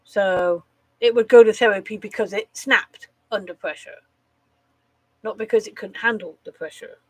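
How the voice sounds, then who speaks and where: A woman's voice: medium pitch, husky, no echo, low-quality recording. A woman chatting casually on a live stream, rambling, swearing freely and laughing at her own jokes.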